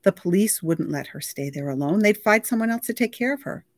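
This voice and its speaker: A woman's voice: medium pitch, lively intonation, brisk, dry recording, clean studio sound, pitched above the performer's own voice. A woman reading aloud, voicing a worried, skeptical mother questioning her son on the phone. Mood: probing. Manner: skeptical, probing.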